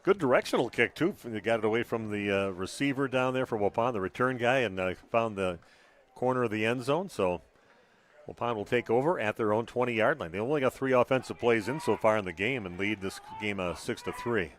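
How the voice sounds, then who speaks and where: A man calling a high school football game live on radio as the play-by-play announcer, talking loosely with frequent "uh" fillers. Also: brisk.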